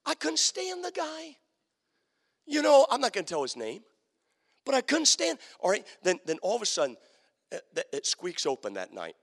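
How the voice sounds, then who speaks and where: High, lively preacher in a reverberant hall. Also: male voice, moderate pace, vocal fry. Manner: dramatic, swings from loud to hushed. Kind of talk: sermon storytelling. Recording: long reverb of a large hall.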